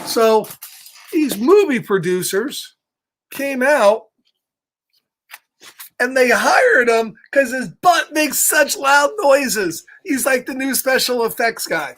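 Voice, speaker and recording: A man's voice: very high voice, expressive, slow, a bit bright. A man reading a picture book aloud to children, playful and chatty, chuckling often and greeting listeners by name. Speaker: children's storytime reader.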